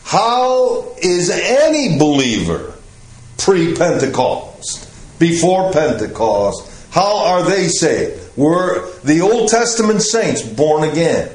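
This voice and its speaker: An older man teaching a Bible class, explaining passages in a slow, measured way. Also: a little high, very animated, darkish tone. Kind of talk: Bible study lecture. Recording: echoey room.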